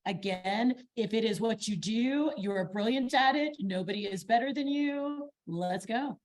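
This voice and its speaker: Give me an encouraging woman panelist with a slightly high voice, giving emphatic audition advice. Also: unhurried, darkish tone. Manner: emphatic, encouraging, speaks in long building sentences. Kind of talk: advice talk at a workshop panel.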